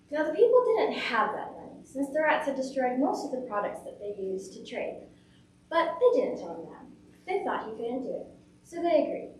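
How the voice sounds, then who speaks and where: A woman telling a folk tale on stage in a lively, dramatic way. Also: high-pitched, moderate pace, slight background noise. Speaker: storyteller. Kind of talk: oral storytelling performance. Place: performance venue. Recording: echoey room from far off.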